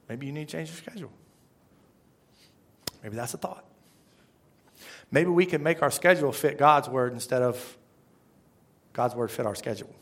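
A man's voice: medium pitch, normal speed, pauses often, a bit bright. A man preaching a conversational sermon, often asking the congregation questions. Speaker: pastor.

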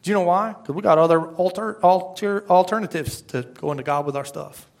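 A male pastor delivering a sermon in a drawl. His voice sits a little higher than most men's. He talks to the congregation in a chatty way full of rhetorical questions, then slows right down for scripture. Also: gravelly. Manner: animated, conversational preaching with rhetorical questions; slows to a measured pace when reading scripture.

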